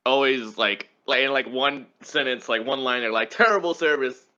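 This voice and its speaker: Bright man on a dull mic. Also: mid-range voice, level tone, moderate pace. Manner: laid-back, swears, laughs between points. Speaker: podcast co-host. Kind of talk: casual chat.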